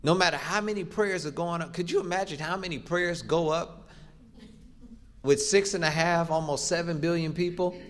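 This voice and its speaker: A man's voice: fairly high pitch, fairly bright tone. A middle-aged man preaching a sermon, emphatic and rhythmic, leaning on repeated phrases and rising for stress.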